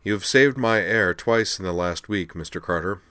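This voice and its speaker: A man voicing a stern, powerful noble patriarch who speaks firmly and in measured terms. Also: deep voice, bright, forceful tone, no echo. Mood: commanding. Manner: firm, measured, commanding.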